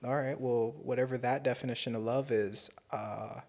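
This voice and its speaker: A man's voice: medium pitch, fairly even intonation, normal speed, darkish tone. A man in his twenties co-hosting a podcast, talking bluntly and casually and swearing freely. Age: 20s. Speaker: podcast co-host. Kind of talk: casual chat.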